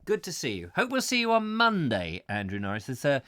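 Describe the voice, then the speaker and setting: A man's voice: a little high, wildly swooping pitch, a little fast, bright, forceful tone. A man from England hosting a live comic chat show, rambling and jokey. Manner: rambling, jokey, does silly voices.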